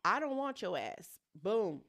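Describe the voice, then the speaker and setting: A woman's voice: mid-range voice, sing-song, a little slow, fairly bright tone. A woman co-hosting a casual podcast chat, blunt and straightforward in how she talks. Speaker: podcast co-host.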